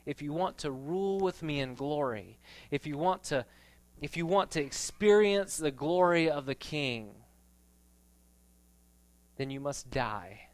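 A man preaching a sermon in a conversational storytelling way, rising to loud emphatic passages. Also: fairly high pitch, expressive, a little slow, pauses often, no echo. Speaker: pastor.

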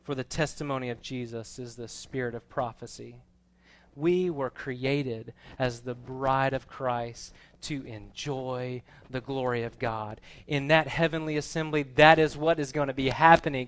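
A man preaching a sermon, moving between quiet, casual asides and loud, proclaiming readings of scripture. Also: medium pitch, steady tone, normal speed, clean tone. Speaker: pastor. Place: church.

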